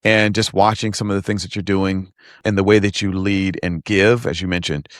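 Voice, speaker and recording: A man hosting a podcast interview in a relaxed conversational way, often affirming his guest. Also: deep voice, moderate pace, dry recording, clean studio sound. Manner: affirming, conversational, frequent "mm" and "yeah". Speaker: podcast host. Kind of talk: casual interview chat.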